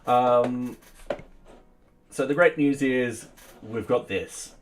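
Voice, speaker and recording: A man giving casual think-aloud commentary as he codes at home, pausing and restarting mid-sentence and now and then chatting to his cat. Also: mid-range voice, slight background noise. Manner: chats to his cat between tasks. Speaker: software developer streaming his coding. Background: faint music and keyboard typing.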